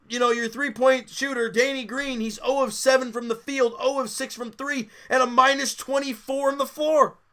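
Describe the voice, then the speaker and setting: A man's voice: very high voice, bright, forceful tone. A man hosting a sports podcast, candidly and exasperatedly breaking down a live basketball game like a fan. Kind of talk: casual live game commentary.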